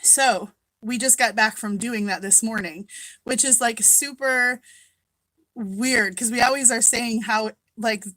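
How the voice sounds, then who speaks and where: Bright, chatty woman on a home livestream. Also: fairly high pitch, unhurried, dry recording, low-quality recording. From Minnesota. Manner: chatty, laughs often, greets viewers by name. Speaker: craft seller hosting a live chat. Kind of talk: casual live-stream chat.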